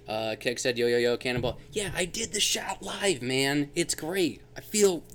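A man's voice: a little high, lively intonation, moderate pace, slight background noise. A man co-hosting a casual livestream podcast, goofy and teasing his listeners. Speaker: podcast co-host.

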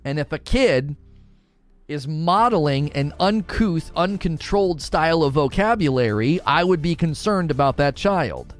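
A man's voice: a little high, animated, measured pace, soft background music. A man in his thirties, a father, giving blunt opinions in casual chat while answering questions, often restarting his sentences.

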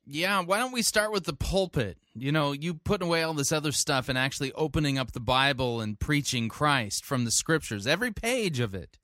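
A man's voice: on the high side, lively intonation, a little fast, hardly any pauses, bright, forceful tone, no room sound. A man interrupting a sermon clip with dry, sarcastic, scolding commentary. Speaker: podcast host critiquing a sermon. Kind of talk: sardonic commentary.

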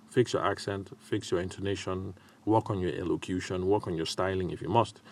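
A man hosting a solo advice podcast, talking in a measured way with frequent filler pauses. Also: sits low, darkish tone. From Nigeria. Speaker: podcast host.

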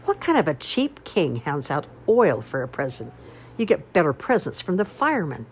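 A woman's voice: deep voice, very animated, normal speed, slight background noise. A woman voicing a tough, bossy girl who talks bluntly and indignantly in a storybook reading. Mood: hollering. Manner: brash, indignant, hollering.

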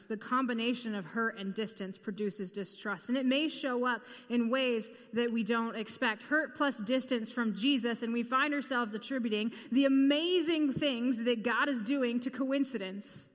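High-voiced woman preaching in a hall. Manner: earnest, measured, repeats key phrases. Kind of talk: sermon.

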